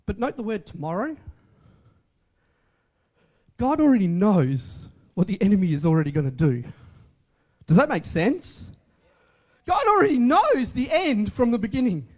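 A man's voice: high voice, wildly swooping pitch, measured pace, long pauses. A man preaching a sermon in a conversational way, repeating short phrases for emphasis and asking the congregation questions. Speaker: pastor.

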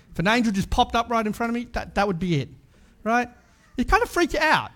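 A man's voice: high-pitched, fairly bright tone. A man preaching a sermon in a chatty way, full of asides and rhetorical questions.

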